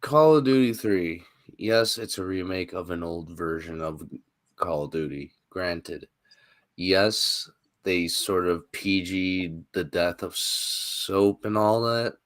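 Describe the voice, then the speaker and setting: A man's voice: low-pitched, fairly bright tone, dry recording. A man co-hosting a live podcast, chatting casually with dry joking asides. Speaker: podcast co-host. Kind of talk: casual chat.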